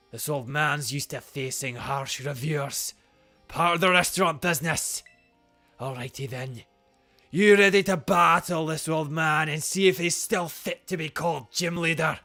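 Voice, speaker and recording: A man voicing a boisterous old male gym leader and chef with a Scottish accent, reading game dialogue aloud in a hearty, drawn-out, folksy way. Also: fairly high pitch, sharp tone, exaggerated voice.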